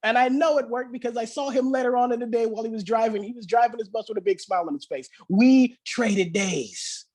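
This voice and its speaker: A man giving a guest sermon at a church service, telling stories with lively acted-out quotes and dropping into soft, slow reflection. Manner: animated storytelling with acted-out quotes; slows to soft, low-voiced reflection. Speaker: guest speaker.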